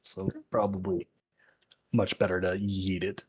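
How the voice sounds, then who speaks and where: A man's voice: sits low, completely flat delivery, a little slow, husky. A man playing in a tabletop game, offhand and swearing casually. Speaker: player.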